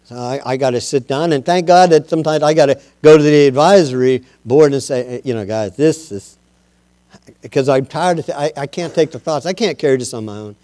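A high-voiced man preaching a sermon as pastor. He talks to his congregation in an easy, conversational way, then rises into loud, impassioned exhortation. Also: brisk.

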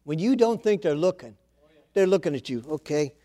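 A pastor delivers his sermon in a fairly high voice for a man. He talks with his congregation in an easy, chatty way and names people in the pews. He often builds to loud, emphatic preaching. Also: animated, normal speed. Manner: conversational, calls on members of the congregation by name.

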